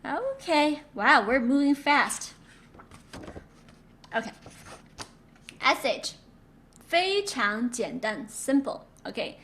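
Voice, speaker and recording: A woman's voice: fairly high pitch, lively intonation, slow, pauses often, fairly bright tone. A woman teaching Mandarin pronunciation in an online lesson, patiently demonstrating sounds and repeating words for students to copy. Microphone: own microphone.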